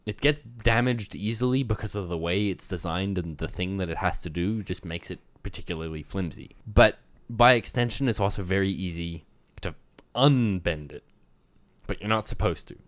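A man's voice: low voice, moderate pace, no echo. A man telling a rambling, profane work story in casual chat.

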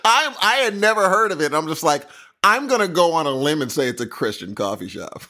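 Give me an exasperated young male co-host who tells rambling stories. His voice sits on the high side and bounces all over the place. He sounds fed up and amused at once. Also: sing-song, brisk, sharp tone. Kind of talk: casual banter.

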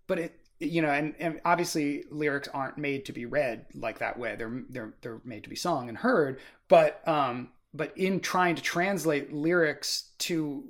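A man talking casually about a book with friends. His voice sits a bit higher than most men's. He rambles, circling his point with constant fillers. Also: unhurried, few pauses. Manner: rambling, full of "like" and "you know". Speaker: book discussion co-host. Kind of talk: casual chat.

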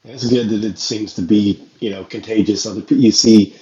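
A man's voice: lowish voice, fairly even intonation, a little fast, dark tone. A man hosting a podcast, chatting in an easygoing, agreeable, reflective way. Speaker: podcast host. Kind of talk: casual chat. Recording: dull roomy sound with faint noise.

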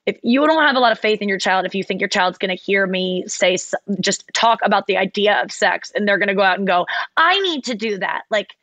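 A woman's voice: medium pitch, fast, few pauses, a bit bright, dry recording. A woman co-hosting a podcast, talking candidly in casual chat, rambling and correcting herself as she goes. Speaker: podcast co-host, comedian.

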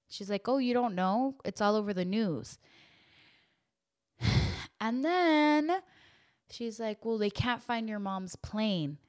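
A young woman hosting a podcast, telling a painful personal story in an emotional, halting way with lots of fillers and restarts. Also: medium pitch, smooth. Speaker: podcast host.

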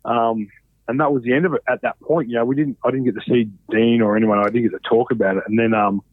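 A man telling stories in a casual, animated way, swearing freely. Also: medium pitch, quick pace, no room sound. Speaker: podcast guest, former reality show contestant. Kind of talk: casual storytelling. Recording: dry, phone-like narrow sound.

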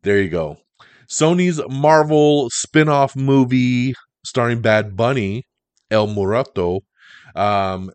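A man hosting a podcast, running through entertainment news in a casual, animated way. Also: lowish voice, smooth, dry recording. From Italian heritage. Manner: animated, chatty, breaks into goofy impressions. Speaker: podcast host.

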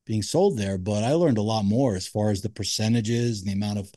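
A man's voice: lowish voice, brisk, mellow, no echo, clean studio sound. A man co-hosting a casual podcast chat from a cigar factory, talking in an upbeat, enthusiastic way. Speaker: podcast co-host.

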